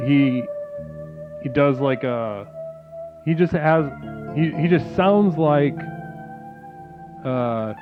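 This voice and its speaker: A man hosts a comedy call-in stream in a fairly high voice, rambling, cursing and stumbling through restarts. His voice comes through thin and phone-like, with music playing clearly underneath. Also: animated, drawn-out words, long pauses. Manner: rambling, profane, full of restarts. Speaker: call-in show host. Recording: tinny phone-like sound with music behind.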